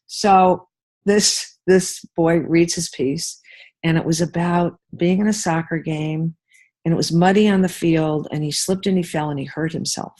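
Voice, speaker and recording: A woman's voice: lowish voice, fairly even intonation, a little slow, dark tone. An older woman, an interview guest, telling personal stories and acting out the voices of people she quotes. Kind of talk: interview conversation.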